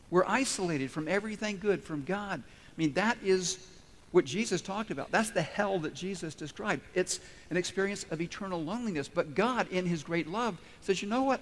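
A man's voice: a little high, big-room sound, a little hiss or hum. A pastor preaching a sermon to his church, who asks the congregation questions and answers them himself.

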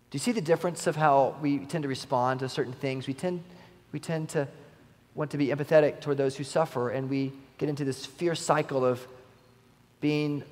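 Gravelly preacher in an echoing church. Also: male voice, medium pitch. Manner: earnest, conversational preaching with rising emphatic quotes. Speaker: pastor. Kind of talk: sermon. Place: church sanctuary. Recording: long church reverb.

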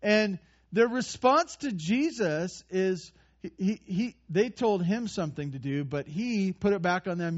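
A man preaching a sermon in a conversational, animated way, with playful asides and frequent restarts. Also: high voice, a little slow, muffled recording. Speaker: pastor.

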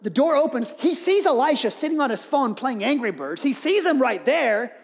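Preacher guy, high voice, lively storytelling with jokes thrown in, long echo like a big hall. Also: normal speed, vocal fry, husky. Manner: lively storytelling with joking asides. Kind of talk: sermon. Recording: reverberant hall.

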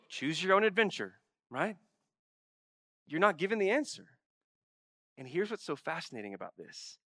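With a mid-range voice, this man preaches as a pastor, shifting between quiet, intimate asides and loud, emphatic outbursts. When he gives voice to God's questions, he sounds pleading and exasperated. The studio-quality recording has no room sound.

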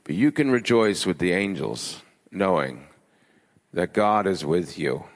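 A man preaching a sermon as pastor, emphatic, building his lists with rising pitch. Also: very animated, a little slow. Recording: long hall reverb.

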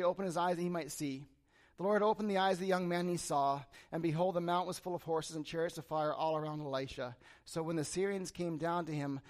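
High-voiced man preaching a casual sermon. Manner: reads scripture then retells it in casual modern words; acts out the frightened servant with sudden animated bursts.

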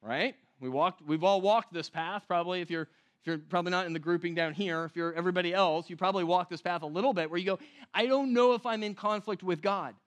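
A man preaching a sermon in a conversational way, often asking the room questions and slowing down to stress key words. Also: high-pitched, fairly even intonation. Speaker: pastor.

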